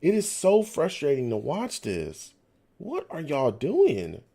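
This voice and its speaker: A man's voice: on the high side, huge pitch swings, slow pace, dark tone. A man hosting a live fan stream, reacting to a football game, venting his frustration and reading out chat messages. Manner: exasperated, venting, reads chat aloud. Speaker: fan livestream host.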